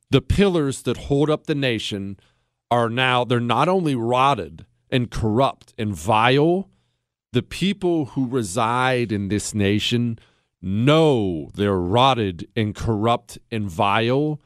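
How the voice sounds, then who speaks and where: On his political talk show, this middle-aged host sounds indignant and sarcastic, putting on voices for mock quotes. His pitch leans high, and the clean studio audio carries no room sound.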